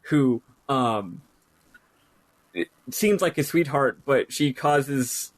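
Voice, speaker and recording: A man's voice: medium pitch, extremely slow, no echo. A man co-hosting a podcast, chatting casually about a TV show, rambling with many fillers and restarts. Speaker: podcast co-host.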